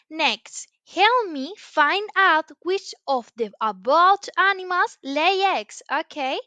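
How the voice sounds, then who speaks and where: Woman, children's teacher, very slow sing-song delivery, bright voice. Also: very high-pitched, expressive, no echo, dull audio. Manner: slow, exaggerated and encouraging, with repeated praise. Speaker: English teacher for young learners.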